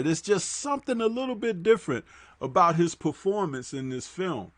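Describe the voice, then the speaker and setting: At a normal speed and with big pitch swings, a man runs a casual livestream on a dry recording. He chats with frequent fillers, reads comments from chat aloud, and drops his voice low for side remarks.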